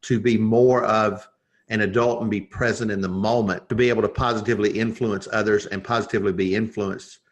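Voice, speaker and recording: A man's voice: on the low side, fairly even intonation, fairly quick. A man as a podcast guest, telling a personal story in an earnest, reflective way as a leadership coach.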